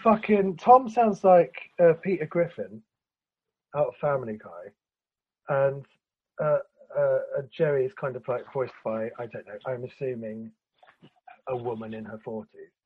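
A man picks apart an old cartoon film in casual chat, ranting, laughing and swearing. His voice is medium-pitched, expressive and unhurried with a breathy edge, captured on a lo-fi recording.

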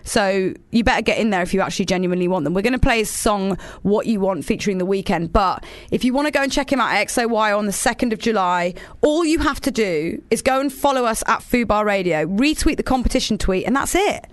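A woman's voice: medium pitch, expressive, fast, hardly any pauses, no room sound. A woman hosting a radio show, chatting in an enthusiastic, rambling way from the studio. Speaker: radio host. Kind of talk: casual radio chat.

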